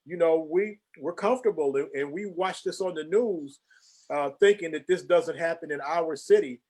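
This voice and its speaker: A man's voice: fairly high pitch, moderate pace, darkish tone. A man hosting an interview show over a video call, often repeating words as he starts his questions. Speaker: host.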